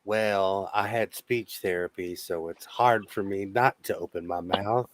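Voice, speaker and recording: A man from California hosting a casual group chat, talking fast and animatedly. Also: deep voice, fairly even intonation, noisy background. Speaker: host.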